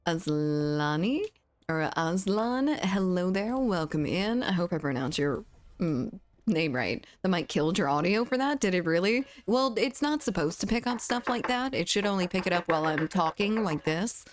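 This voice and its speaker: A woman streams a shooter game, chatting casually with viewers, reading their messages aloud and laughing often. Her voice is fairly low, with lively intonation at a moderate pace.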